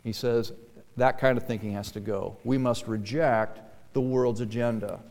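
A man's voice: mid-range voice, steady tone, moderate pace, darkish tone. A male pastor preaching a sermon in a conversational way, building to emphatic, raised passages. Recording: reverberant hall.

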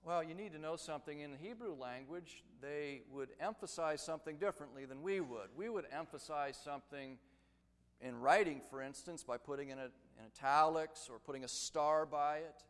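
A man preaching an expository sermon, building to loud, emphatic crescendos. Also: fairly high pitch, normal speed. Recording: long reverb of a large hall.

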